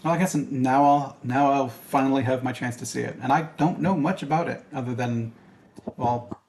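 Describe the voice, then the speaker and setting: A man with a mid-pitched, gravelly voice chats casually about movies on a podcast. He is easygoing and friendly, and he fills the gaps with agreeing murmurs and light laughter while faint background noise hangs under him. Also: normal speed, darkish tone. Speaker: podcast co-host. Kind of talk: casual movie-review chat.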